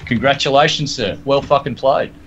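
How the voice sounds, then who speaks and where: A man's voice: mid-range voice, moderate pace, a bit bright. Sarcastic, profane man. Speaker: stream participant. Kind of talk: casual group voice chat. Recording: dull lo-fi voice chat audio with faint noise.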